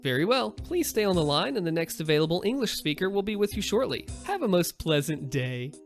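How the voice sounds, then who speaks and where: A mock-polite call-center agent, as a story narrator puts him on, speaking in a put-on Indian accent with formal, courteous phrasing. The voice swings up and down, sly sarcasm under every line, and soft music sits faintly behind it. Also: mid-range voice, sing-song, a little fast.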